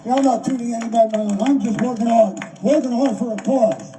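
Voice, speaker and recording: A man's voice: very high-pitched, fairly quick. An older man giving an emotional, repetitive rally speech outdoors, heard from a distance. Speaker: rally speaker. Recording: distant mic, faint background noise.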